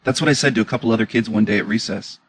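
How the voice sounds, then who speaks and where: A man's voice: on the low side, rapid-fire, a little hiss or hum, rough recording. A man giving an indignant, emotional reaction commentary on clips, repeating his questions as he argues.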